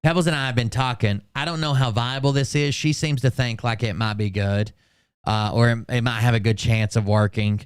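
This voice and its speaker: A man talks through casual stream commentary in a sardonic tone and swears freely. His voice is smooth and clear, recorded dry on a close mic. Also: mid-range voice, fairly even intonation, a little fast, no echo.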